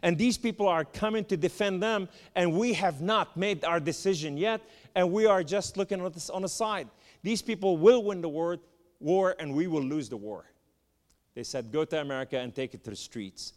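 A man from the Middle East giving a spoken testimony, telling his story with animated, emphatic lists. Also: high voice, moderate pace. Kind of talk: testimony sermon. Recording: long hall reverb.

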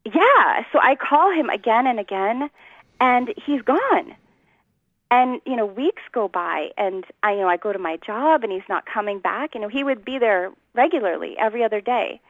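A woman's voice: fairly high pitch, expressive, moderate pace, no echo, phone-quality sound. A woman earnestly telling her personal testimony in a conversation, acting out the voices of people in her story. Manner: earnest storytelling, acts out quotes, laughs often.

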